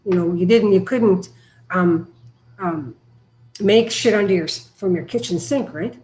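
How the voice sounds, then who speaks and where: A middle-aged woman from Canada speaking frankly and haltingly as a podcast guest about her past. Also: lowish voice, dark tone, low-quality recording. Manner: frank, halting, emotional at times. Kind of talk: candid recovery interview.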